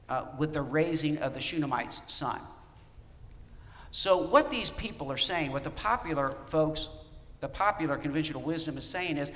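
Animated male pastor preaching in a hall. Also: fairly high pitch. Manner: animated, asks the congregation questions. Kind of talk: sermon.

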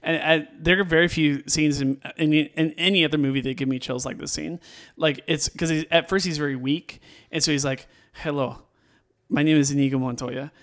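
Man for a casual podcast, higher-pitched, gushing, rambles with lots of fillers. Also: steady tone, fairly quick, fairly bright tone. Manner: enthusiastic, rambling with many fillers and restarts. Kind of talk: casual movie discussion.

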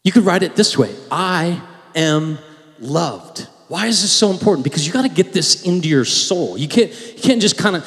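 A high-pitched male pastor preaching to his congregation, his voice ringing out with a long reverb tail. He drops to a near-whisper for intimate pleas, then rises into forceful, shouted proclamations. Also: very animated, fast talker, hardly any pauses. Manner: swings from hushed pleading to shouted declarations. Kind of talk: sermon.

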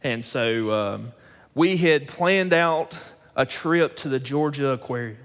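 A man's voice: medium pitch, slow pace, fairly bright tone. A young man, a pastor, preaching a sermon in a storytelling way that builds into emphatic preaching. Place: church sanctuary. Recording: long hall reverb.

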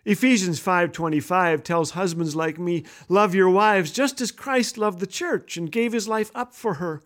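A man hosting a humorous devotional radio talk, telling jokes and doing animated voices for the people in them. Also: high voice, normal speed, hardly any pauses. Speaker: radio host.

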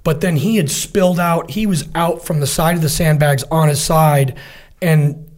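A middle-aged military veteran with a fairly high pitch talks at a moderate pace. In casual talk, he relates a war story vividly, enthusiastically acting out what his comrades said.

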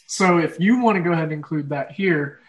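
Speaking briskly in a fairly high voice on a low-quality recording, a young podcast host with an Oklahoma Midwestern accent chats casually. He rambles, uses lots of filler words, and laughs frequently.

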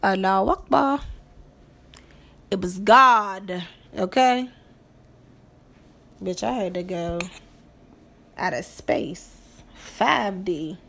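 A woman talking casually on her podcast. She speaks slowly, with a gravelly fry in her voice. She is profane and emphatic and drives her points home by repeating them. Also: mid-range voice, sharp tone. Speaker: podcast host. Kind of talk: casual monologue.

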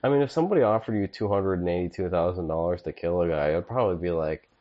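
A man's voice: sits low, fast talker, muffled recording. A man co-hosting a comedy podcast, laid-back and riffing, saying "dude" a lot. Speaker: podcast co-host. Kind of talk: casual comedic chat.

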